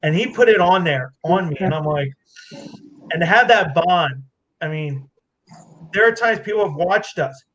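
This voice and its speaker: A man accepting an award, his voice sitting a bit high. He talks emotionally, close to tears, stopping and restarting his sentences. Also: expressive, moderate pace, pauses often, a bit bright, a little hiss or hum. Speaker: award winner, fighter.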